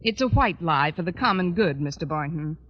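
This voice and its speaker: An actress playing a dry, sardonic high-school English teacher in a 1940s radio sitcom. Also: female voice, expressive, muffled recording. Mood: wry. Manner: dry, sardonic, quick with wisecracks. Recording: hissy old radio broadcast recording.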